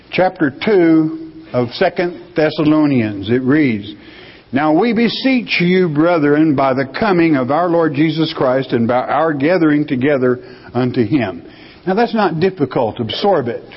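A man's voice: medium pitch, husky. Man, bible teacher, emphatic, rhetorical questions, echoing hall. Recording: dull lo-fi recording in a reverberant hall.

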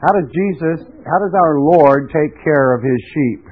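A man's voice: on the high side, measured pace. An older man delivers a folksy sermon, shifting easily from homespun stories into scripture. He chuckles now and then as he talks. The recording is a narrow, tinny radio broadcast. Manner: folksy storytelling, chuckles often. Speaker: preacher.

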